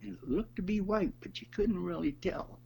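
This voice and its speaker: Gravelly older man telling stories. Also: high voice, normal speed. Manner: animated, laughs while telling stories. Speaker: interview guest. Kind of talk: conversational storytelling.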